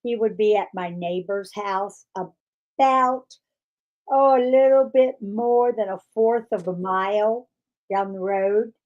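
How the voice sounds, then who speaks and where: Slow-talking woman co-host telling stories. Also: mid-range voice, darkish tone, lo-fi sound. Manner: slow, storytelling. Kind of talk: casual chat.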